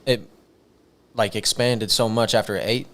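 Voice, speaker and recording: A man's voice: on the low side, steady tone, normal speed, fairly bright tone. A man co-hosting a casual movie review podcast, musing loosely and joking. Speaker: podcast co-host.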